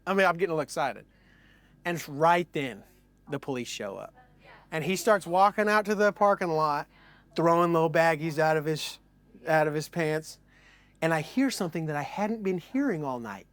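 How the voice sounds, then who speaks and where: Speaking at a moderate pace in a voice on the high side, a man hosts a storytelling session full of tall tales. He animatedly performs the characters' voices and peppers his speech with fillers such as "like."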